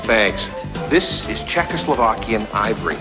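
Man as chatty traveling salesman, friendly, smooth patter, low voice, clear music underneath. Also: animated, normal speed, lightly acted. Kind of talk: comic film sales pitch. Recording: film audio with music bed.

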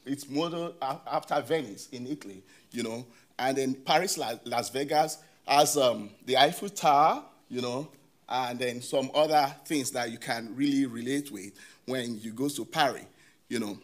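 In a medium-pitched voice, a man presents academic research at a conference. His delivery is halting, riddled with "you know" and restarts, and he asks the audience questions.

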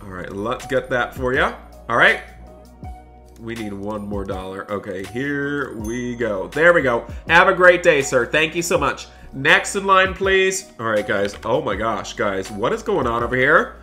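A man hosting a gaming roleplay video as a store cashier, excitable, switching between chatting with viewers and scolding customers. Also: mid-range voice, normal speed, faint music behind.

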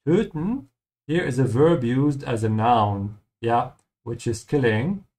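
A man runs a relaxed language lesson over gameplay. He explains each word patiently and slows down to repeat the key terms. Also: medium pitch. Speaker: German language teacher. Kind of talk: game playthrough language lesson.

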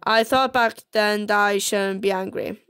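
A woman's voice: medium pitch, steady tone, a bit bright, clear, resonant tone, no echo. A woman reading a romance visual novel aloud, stumbling and restarting words often. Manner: halting, with frequent fillers and restarts on words.

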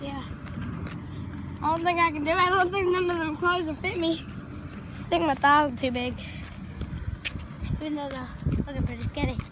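A woman's voice: sits high, steady tone, moderate pace, pauses often. A woman vlogging outdoors in casual chat, playful and talkative, filming with a handheld camera on a street. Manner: chatty, playful, jumps between loud and hushed. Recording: loud outdoor street noise, traffic. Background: traffic and street noise.

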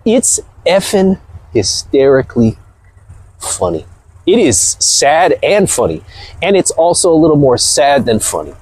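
Energetic male host in his forties, husky and gravelly, animated casual rant. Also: a little high, measured pace, dry recording. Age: 40s. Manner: loud, energetic, laughs often. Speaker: motivational video host.

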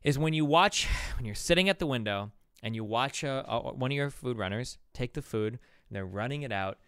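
A man hosting a casual podcast, telling stories in a profane, animated way and acting out the quotes. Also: medium pitch, brisk, clear, resonant tone, no room sound, studio quality. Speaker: podcast host. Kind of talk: casual chat.

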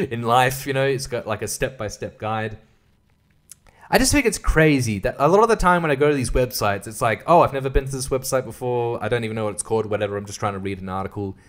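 A man hosting a solo podcast, rambling through a casual, profane rant and laughing at his own jokes. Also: mid-range voice. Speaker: podcast host.

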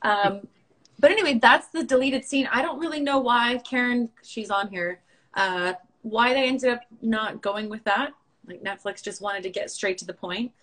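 A woman's voice: a little high, moderate pace, fairly bright tone. A woman in her thirties hosting a casual Instagram live chat on her phone, chatty and rambling, laughing often. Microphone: phone livestream.

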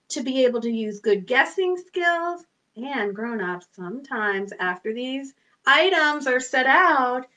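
High, bright-voiced woman leading a children's storytime. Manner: sing-song, exaggerated and animated for small children. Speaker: children's librarian.

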